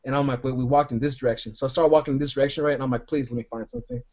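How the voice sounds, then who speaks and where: A man's voice: mid-range voice, steady tone, racing, darkish tone. A man telling a long rambling story on a podcast, swearing a lot and padding it with "like" and "right?". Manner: rambling, profane, lots of "like" and "right?". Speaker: podcast co-host. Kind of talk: casual storytelling. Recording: dull lo-fi sound.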